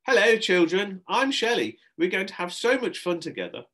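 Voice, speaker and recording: A man's voice: very animated, moderate pace, exaggerated voice. A man reading aloud, voicing a cheerful, bossy woman astronaut who hosts a children's party. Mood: enthusiastic. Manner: bright, bossy teacherly voice, pitched up. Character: cheerful pink-haired woman astronaut party host, enthusiastic.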